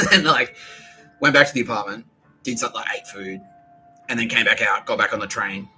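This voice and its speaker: An Australian man rambles through a story on his podcast, swearing constantly and breaking into laughter. His voice is bright and forceful, with faint music playing behind him. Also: on the low side, brisk, rough recording. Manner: profane, laughing, agitated storytelling. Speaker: podcast host. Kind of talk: rambling monologue.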